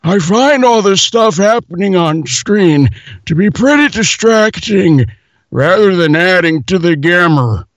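A man's voice: high voice, lively intonation, no echo, voice pushed up. A man reading a review aloud as a cranky, complaining old man, drawing out his grumbles. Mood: grumpy. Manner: grumpy, complaining, drawn-out.

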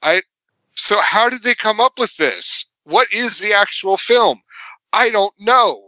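A man with a slightly high, very bright voice rambles through a movie recap, leaning on fillers and breaking into laughs. The recording is dry and close. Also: lively intonation, unhurried, no echo, rough recording. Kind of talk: casual movie recap chat.

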